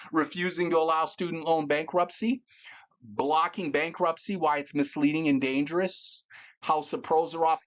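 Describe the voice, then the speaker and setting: A man's voice: fairly high pitch, a bit bright, lo-fi sound. A man hosting his own channel, delivering a heated, profane political rant and hammering his points through repetition. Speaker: channel host and political commentator.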